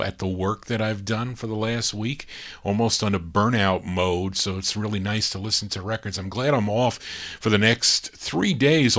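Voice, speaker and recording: A man's voice: on the low side, a bit bright. Chatty male record show host. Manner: chatty, rambling, reads out label and release details. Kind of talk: casual record-spinning DJ chat.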